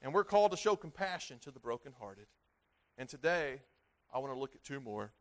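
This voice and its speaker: A middle-aged pastor preaches a sermon with big pitch swings, halting and repeating words. He rises loud for emphasis and drops low at the ends of phrases.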